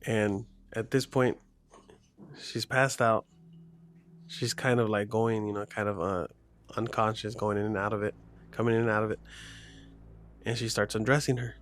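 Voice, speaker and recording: A man's voice: lowish voice, steady tone, moderate pace, pauses often, slight background noise. Rambling man retelling a horror story. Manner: rambling, full of "like" fillers and restarts.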